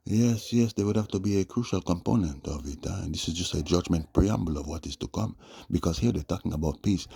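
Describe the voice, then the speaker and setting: Deep gravelly male streamer, sneering running commentary. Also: fairly quick, warm tone. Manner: mocking, with frequent "huh?" tags. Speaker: online commentator. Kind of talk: casual livestream commentary.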